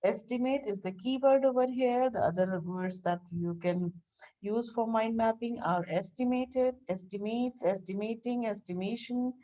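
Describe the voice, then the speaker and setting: A woman teaching English vocabulary, reading word lists aloud one at a time in a measured, instructive way. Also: a little high, warm tone.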